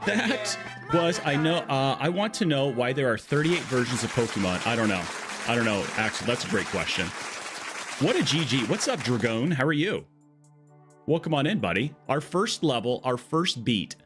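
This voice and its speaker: A man's voice: medium pitch, sing-song, normal speed, over music, a crowd in the background. A man streaming a platform game live, chatty and jokey, reading out and greeting chat viewers. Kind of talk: casual live-stream commentary.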